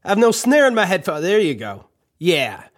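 A man's voice: high voice, wildly swooping pitch, normal speed, no echo, studio quality. A man reading his own book aloud in a sarcastic, ranting, profane way, throwing in asides to the listener.

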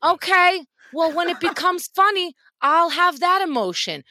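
A woman's voice: very high voice, expressive, moderate pace, sharp tone, no echo, clean studio sound. A woman co-hosting a podcast, ranting in casual comedic chat, exasperated and profane. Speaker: podcast co-host.

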